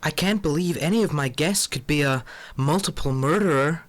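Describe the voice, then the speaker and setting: A man's voice: fairly high pitch, normal speed, pitched above the performer's own voice, close to an everyday voice. A man voicing a frightened woman innkeeper with an exotic accent in a comic audio drama. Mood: distraught.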